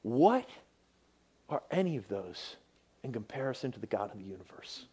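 A man preaching a sermon in a casual, animated way, at times dropping to a near-whisper. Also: mid-range voice, moderate pace, husky. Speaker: pastor.

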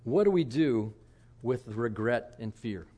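A man's voice: medium pitch, lively intonation, measured pace, warm tone, highs cut off. A middle-aged man preaching a sermon as pastor, telling stories in a candid, self-deprecating, conversational way.

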